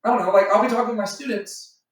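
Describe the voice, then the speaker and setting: A man's voice: sits high, racing. Man teaching in an echoey room. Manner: rambling, filler-heavy, animated, acts out imagined voices. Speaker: Bible study teacher. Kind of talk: informal Bible teaching to a small group. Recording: echoey room, far from the mic.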